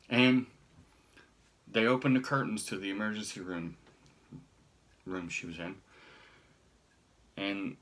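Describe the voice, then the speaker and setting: A middle-aged man telling a personal story in a halting way, often restarting his sentences. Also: lowish voice, fairly bright tone.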